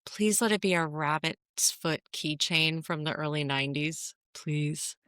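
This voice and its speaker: A woman's voice: deep voice, unhurried, fairly bright tone, clean tone, dry recording, studio quality. A woman co-hosting a home design podcast in casual, playful chat, teasing and laughing often. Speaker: podcast co-host.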